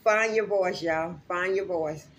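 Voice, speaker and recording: A woman's voice: fairly low pitch, slow, slight background noise. A woman giving a casual spiritual reading to her viewers, chatty and emotional, swearing freely and speaking to them directly. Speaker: spiritual reader.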